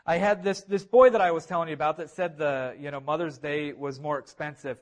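A man delivers a sermon in an earnest, driving way, repeating key phrases to build emphasis. His voice sits notably high for a man. He sounds like a pastor speaking to his congregation. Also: fairly even intonation, fairly quick. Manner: earnest, repetitive preaching with rising emphasis.

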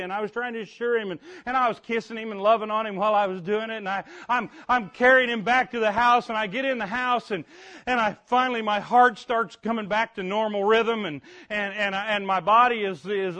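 A middle-aged man preaching, telling a story in an animated way with sudden shouts and frequent restarts. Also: extremely high pitch, moderate pace. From Indiana. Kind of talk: sermon storytelling.

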